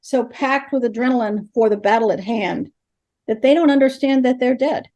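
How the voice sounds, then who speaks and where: A woman's voice: fairly high pitch, normal speed, mellow. An older woman, a guest in an interview, telling stories with animation and acting out the dialogue. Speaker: interview guest, ghost helper. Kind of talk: storytelling in an interview.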